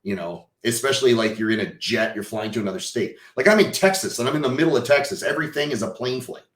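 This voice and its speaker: As a guest on a podcast, a man tells an emotional personal story, vividly acting out the dialogue and swinging from hushed to loud. His expressive mid-range voice comes fast and sounds reverberant.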